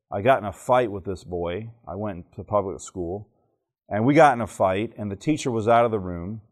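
A man from Alabama, giving a church teaching talk to a live audience. He tells jokey stories and keeps quizzing the listeners. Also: fairly low pitch. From Alabama, southern United States. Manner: joking storyteller who quizzes the audience.

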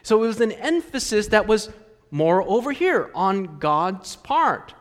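Male pastor, high voice, conversational sermon with questions to the pews, long reverb from the sanctuary. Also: big pitch swings, a little slow. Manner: conversational preaching with rhetorical questions to the congregation.

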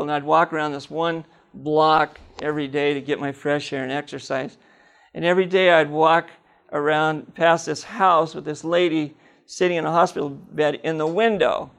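A middle-aged man telling his personal faith testimony, animated, acting out the dialogue in his story. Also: fairly high pitch, moderate pace, gravelly.

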